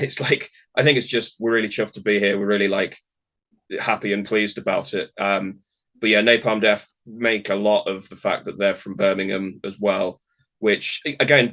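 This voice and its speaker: A man's voice: on the low side, a bit bright. A man co-hosting a podcast, rambling in a friendly way and laughing often. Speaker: podcast co-host. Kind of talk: casual podcast discussion.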